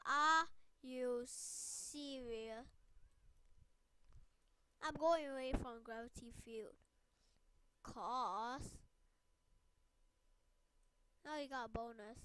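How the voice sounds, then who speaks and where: Young woman doing let's play commentary, high voice, super slow, keeps yelling in frustration. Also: clean tone, dry recording. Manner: exasperated, frequent cries and shouts of frustration. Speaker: gaming video creator.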